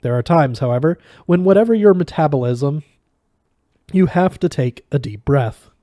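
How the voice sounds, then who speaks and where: Mellow-voiced man reading a novel. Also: a little high, dry recording, clean studio sound. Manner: measured, expressive narration. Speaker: reader.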